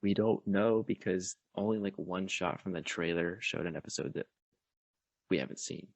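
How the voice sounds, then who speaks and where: A man's voice: low-pitched, moderate pace, no echo. A man co-hosting a podcast in easygoing casual chat, explaining things he looked up. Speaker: podcast co-host.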